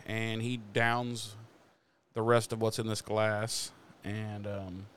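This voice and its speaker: A man with a smooth, resonant voice hosts a casual podcast recap. He tells the story in an animated way, talking through the scenes in lively detail. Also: on the low side, slow. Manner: animated storyteller who acts out the characters' lines. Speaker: podcast host recapping an episode. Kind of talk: casual chat.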